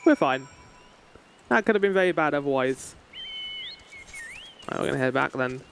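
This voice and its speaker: A man's voice: mid-range voice, expressive, normal speed, a little hiss or hum. A man giving chatty, joking let's-play commentary while playing a game. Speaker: streamer.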